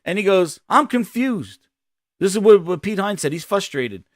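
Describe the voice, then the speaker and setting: A man hosting a gaming podcast, telling a rambling, animated story in casual commentary. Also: sits high, fairly quick, dry recording, clean studio sound. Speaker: podcast host.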